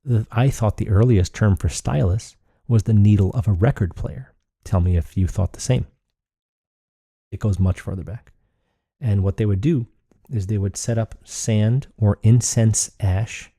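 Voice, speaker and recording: A man's voice: lowish voice, moderate pace, dark tone, no echo, studio quality. A man hosting a solo podcast, rambling and thinking aloud with frequent restarts. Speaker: podcast host.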